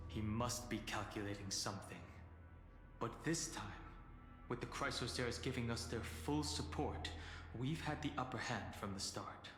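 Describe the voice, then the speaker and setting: Man as a serious, steady game companion; reverberant, soft score beneath. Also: medium pitch, lightly acted. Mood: grave. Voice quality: measured, serious. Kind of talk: game voice acting. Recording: reverberant game audio with music.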